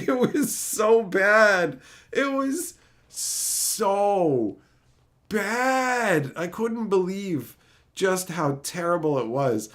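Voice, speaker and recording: A man's voice: high voice, fairly bright tone. A man streaming a casual, profane rant, sounding exasperated and incredulous.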